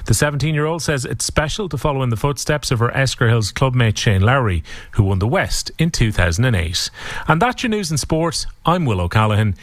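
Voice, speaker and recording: A man reading the radio sports bulletin in a brisk, steady way into a studio mic. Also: mid-range voice, dry recording. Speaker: sports newsreader.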